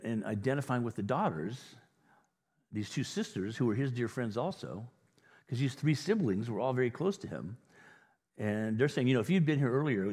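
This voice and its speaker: A man's voice: mid-range voice, mellow, breathy edge, in a large hall. A man preaching a sermon as pastor, talking to his congregation in a conversational way and acting out the voices of imagined people.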